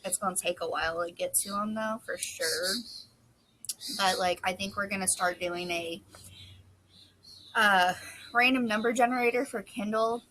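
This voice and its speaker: A young woman chatting casually and rambling on her front porch, a little hoarse from losing her voice. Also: medium pitch, moderate pace, pauses often, pushed and bright, poor audio. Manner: chatty, rambling, self-deprecating. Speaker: book vlogger. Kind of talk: casual chat. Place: covered front porch outdoors. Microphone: phone camera.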